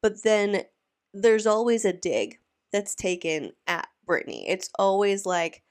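A woman's voice: mid-range voice, very animated, measured pace. A woman giving casual reaction commentary, talking in a chatty, incredulous way with many restarts.

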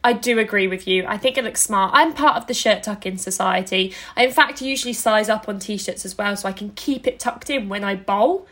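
A woman's voice: medium pitch, brisk, hardly any pauses, fairly bright tone. A woman co-hosting a casual podcast, chatty and teasing. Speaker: podcast co-host.

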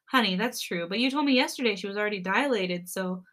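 A woman reading a fan story aloud, voicing an excitable, doting grandmother who talks cheerfully and exclaims loudly, much higher than her usual voice. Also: fast talker, lightly acted. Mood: soothing.

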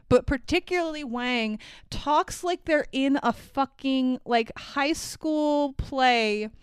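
A woman co-hosting a casual podcast, talking in an animated way, swearing freely and laughing often. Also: high-pitched, clean tone, dry recording. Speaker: podcast co-host. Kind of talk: casual chat about movies.

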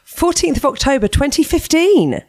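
A woman co-hosts a podcast with teasing, playful warmth of banter and plenty of questions. Her voice sits mid-range but moves lively up and down. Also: high-pitched, moderate pace. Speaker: podcast co-host. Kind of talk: casual chat.

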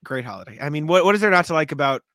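A man co-hosting a casual sports podcast, telling animated stories with plenty of swearing and laughter. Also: fairly high pitch, very fast, dry recording. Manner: animated storytelling, swears freely, laughs often. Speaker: podcast co-host. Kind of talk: casual chat.

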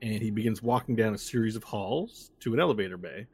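A man narrating a tabletop game as game master, in a relaxed, meandering way. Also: fairly low pitch, fast talker.

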